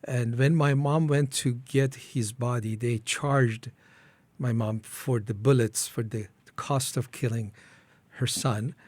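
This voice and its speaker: A man's voice: fairly even intonation, darkish tone, no room sound. Earnest middle-aged man from Iran. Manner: halting, earnest, acts out his own prayers with rising pitch. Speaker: ministry founder, guest. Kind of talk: personal testimony in an interview.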